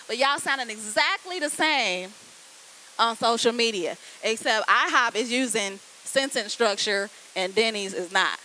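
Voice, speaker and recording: A woman speaking to a class of students as a guest copywriter, in a lively, casual, conversational way, turning often to address them directly. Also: fairly high pitch, moderate pace, slight background noise, rough recording.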